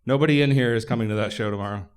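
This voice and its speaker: A man's voice: medium pitch, racing. A man hosting a live comedy show on stage, trading brash, profane banter with the room. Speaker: host.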